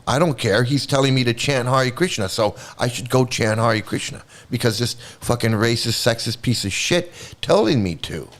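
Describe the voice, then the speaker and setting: A man's voice: mid-range voice, animated, moderate pace, hardly any pauses. A man hosting a livestream, ranting angrily and sarcastically, with a lot of swearing. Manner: angry, sarcastic, heavy swearing. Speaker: host. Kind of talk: profane ranting livestream commentary.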